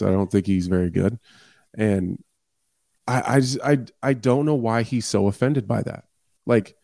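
A podcast co-host man who speaks bluntly and swears freely in loose, rambling chat. His voice sits low and mellow. The sound is dry and close, with no room around it. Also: gravelly, dry recording. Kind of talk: casual chat.

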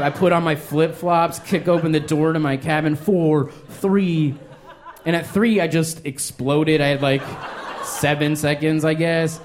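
A young man on stage in stand-up mode, his voice sitting a little high for a man. He tells his story in an animated, self-mocking way, playing out scenes from his youth. A faint hum of ambient noise runs under the recording. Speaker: stand-up comedian.

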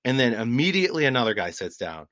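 A man in his forties, a podcast guest telling travel stories in an animated, laughing way. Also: medium pitch, fast, no room sound. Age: 40s. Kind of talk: casual storytelling.

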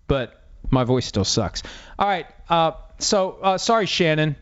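A man's voice: fairly high pitch, expressive, moderate pace. A man hosting a podcast, chatting casually about sports and mocking himself with a wry, rambling manner. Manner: wry, self-deprecating, rambling. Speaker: podcast host. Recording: dull, slightly lo-fi sound.

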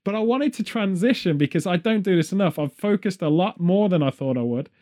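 A British man in casual conversation, his voice sitting a little higher than most men's. He rambles from point to point with a jokey, offhand manner. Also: expressive, a little fast, mellow. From United Kingdom. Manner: rambling, jokey, slips into silly put-on voices. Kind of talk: casual chat.

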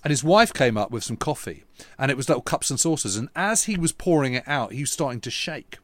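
A man, a historian and podcast co-host, telling a long, earnest anecdote in relaxed conversation. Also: medium pitch, a little fast, no room sound. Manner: earnest, emphatic storyteller.

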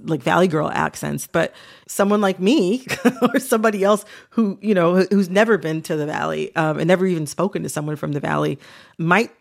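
A woman's voice: lowish voice, fairly quick, creaky. A woman hosting a casual podcast conversation, talking in a chatty way with lots of "like" fillers. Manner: chatty, filler-heavy with frequent "like". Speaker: podcast host.

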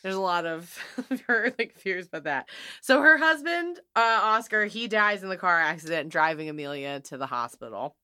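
A bright, animated woman talking casually, her pitch swinging widely as she tells a story. She keeps saying "like" and jokes her way through the plot. Relaxed, chatty podcast energy. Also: moderate pace, clear, resonant tone, dry recording, studio quality. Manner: lively, jokey, acts out scenes in voices, says "like" often. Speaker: podcast co-host. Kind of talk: casual chat recapping a horror film.

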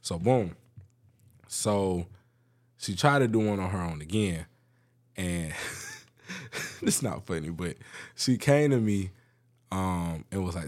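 A man's voice: unhurried, long pauses. A young man casually telling work stories on a podcast, loose and profane. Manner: laid-back storytelling, profane, lively pitch. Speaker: podcast co-host. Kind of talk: casual chat.

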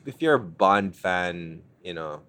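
A man's voice: deep voice, expressive, slow, sharp tone, no room sound. A man hosting a casual movie review podcast, talking enthusiastically and rambling with restarts. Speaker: podcast host.

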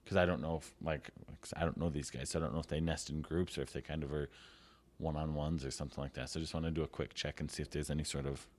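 A man's voice: rumbling low, steady tone, fast talker, darkish tone. A man playing a tabletop game, laid-back and chatty, describing his moves with lots of filler words. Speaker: player. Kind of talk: casual tabletop play.

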